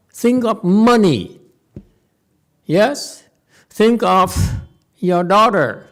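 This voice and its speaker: Slow, lively-voiced man teaching in a temple. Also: high voice. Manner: checks in with listeners with "okay?" and "hmm?"; halting restarts, playful asides. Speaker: Buddhist master giving a sutra lecture. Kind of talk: conversational Dharma lecture. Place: temple lecture hall.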